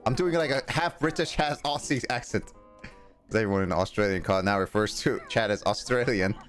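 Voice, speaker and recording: A young man with a fairly low voice chats loosely through a game stream. He rambles, reads viewer messages out loud and laughs often. Faint game music plays under him. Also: normal speed. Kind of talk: casual live-stream chat while gaming.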